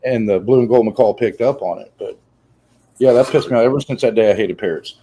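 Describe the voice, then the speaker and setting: A man in his forties telling an animated anecdote in casual chat. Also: fairly low pitch, a little fast, husky, low-quality recording.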